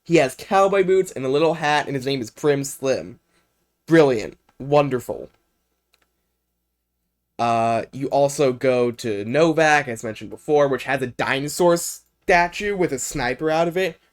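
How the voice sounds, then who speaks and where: A man's voice: medium pitch, unhurried. Rambling young man presenting a game. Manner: rambling, unscripted, lots of ums and uhs. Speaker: streamer presenting a video game. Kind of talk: casual livestream presentation.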